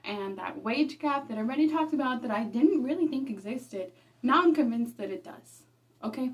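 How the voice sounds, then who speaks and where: A woman's voice: fairly high pitch, lively intonation, normal speed, distant mic. A young woman venting frankly in a get-ready-with-me chat, swearing often and checking in with "okay?". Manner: frank, swears freely, keeps saying "okay?"; ranting and exasperated. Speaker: vlogger.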